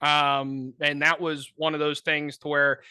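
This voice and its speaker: A man telling stories on a podcast in a casual, animated way, peppering his talk with "like" and slipping into quick character voices. His voice is fairly high for a man and strikingly bright. The sound is close and dry, with no room echo at all. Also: clean tone. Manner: animated, filler-heavy anecdotes with many put-on voices. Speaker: podcast co-host. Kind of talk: casual storytelling chat.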